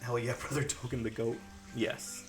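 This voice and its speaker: A man's voice: medium pitch, flat delivery, moderate pace, faint music behind. A man streaming while painting miniatures, chatting casually and jokingly with his viewers. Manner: jokey, rambling, talks to chat.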